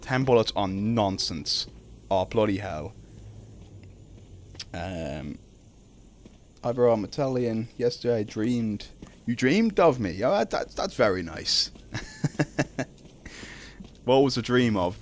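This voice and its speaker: A young Irish man streaming a video game live, chatting casually, reading out viewer messages and reacting loudly when startled. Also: fairly low pitch, a little hiss or hum. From Ireland. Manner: casual, reads chat aloud, yelps when startled. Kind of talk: live gameplay stream chat.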